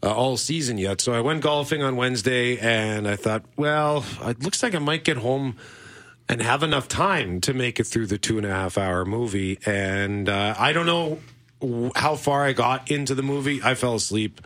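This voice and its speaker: A man's voice: mid-range voice, normal speed, a bit bright. A middle-aged man co-hosting a casual movie podcast, chatty and rambling, laughing often. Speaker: podcast co-host. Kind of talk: casual chat about movies.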